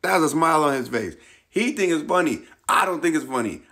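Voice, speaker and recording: A man's voice: fairly high pitch, animated, brisk, pushed and bright. An American man telling a funny, self-mocking story about his own mishap in a casual vlog. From United States. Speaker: vlogger.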